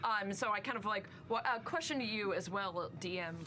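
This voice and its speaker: A woman's voice: mid-range voice, fairly quick, noisy background. A woman playing in a tabletop game who asks her questions hesitantly in casual table talk. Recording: music clearly audible behind.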